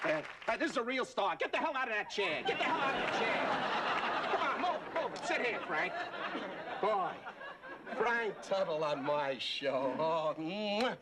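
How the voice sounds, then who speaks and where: A sneering late-night talk host. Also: male voice, sits high, animated, a little slow, a loud crowd, heavy background noise. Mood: mocking. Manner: mocking, sneering, theatrical. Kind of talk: 1980s sitcom acting. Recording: loud studio audience laughter.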